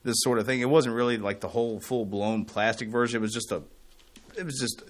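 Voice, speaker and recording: A middle-aged man co-hosts a casual radio talk show, telling long, rambling stories and getting animated when excited. His voice is medium-pitched and fairly quick, with slight background noise.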